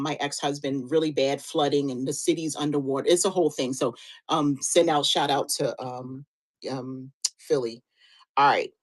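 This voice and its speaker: A woman's voice: low-pitched, rough recording. A woman in her fifties co-hosting a live-stream sale, chatting in an encouraging, motivational way and often restarting her sentences. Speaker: live-stream seller and co-host.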